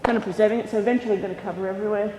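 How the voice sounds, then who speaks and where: A woman's voice: medium pitch, fairly even intonation, racing, in a large hall, a crowd in the background. A woman, a graffiti artist and art teacher, chatting casually in an interview, rambling and laughing often. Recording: noisy on-location recording.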